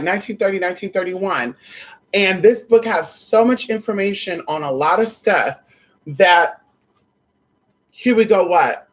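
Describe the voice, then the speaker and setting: A spiritual vlogger talking casually and excitedly to viewers, swearing often and rambling with many restarts. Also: medium pitch, rough recording. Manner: profane, excitable, addresses viewers as y'all and honey.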